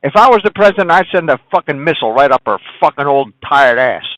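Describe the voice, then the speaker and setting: A man's voice: on the high side, expressive, fast, fairly bright tone, dry recording, rough recording. A man in casual conversation who rants angrily with heavy profanity. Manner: angry, heavily profane ranting.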